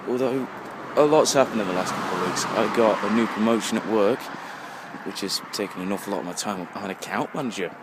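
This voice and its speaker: A man's voice: fairly low pitch, a little fast. A young English man in his twenties, a bit tipsy, rambling and swearing constantly while walking home at night and talking into his phone. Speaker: vlogger. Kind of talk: casual rambling monologue. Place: outdoors on a street at night, walking. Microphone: phone held while walking. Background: faint passing traffic.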